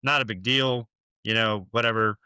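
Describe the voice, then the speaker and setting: An American man co-hosting a podcast loosely retells a horror film, peppering his story with fillers and profanity. His voice is on the low side, fairly even, and normally paced, with a bright, forceful, clean tone and no room sound.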